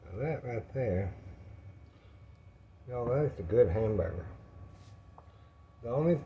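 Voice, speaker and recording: A man's voice: medium pitch, lively intonation, takes it slowly, creaky, dull audio, slight background noise. A man, chatting in a folksy, rambling way to his viewers while he cooks in his home kitchen. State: out of breath. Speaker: home cooking vlogger. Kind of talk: casual cooking talk to viewers.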